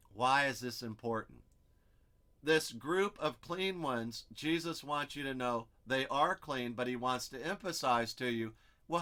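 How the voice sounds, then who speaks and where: Bright-voiced man teaching scripture. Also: mid-range voice. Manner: explains step by step, thinking aloud over on-screen text. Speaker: Bible teacher. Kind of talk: expository Bible study lesson.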